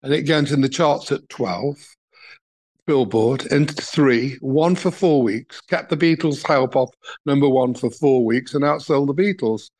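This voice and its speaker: Older English music manager telling stories. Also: male voice, medium pitch, a little slow. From England. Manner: anecdotal, chuckling storyteller with lively asides. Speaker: talent manager, interview guest. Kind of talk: reminiscing interview answers.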